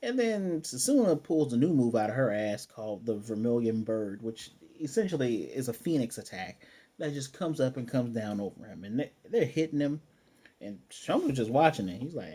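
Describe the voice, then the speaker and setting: A man giving a casual, excitable episode review in slangy speech, swearing and acting out the scenes as he retells them. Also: mid-range voice, moderate pace, slightly rough. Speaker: anime reviewer.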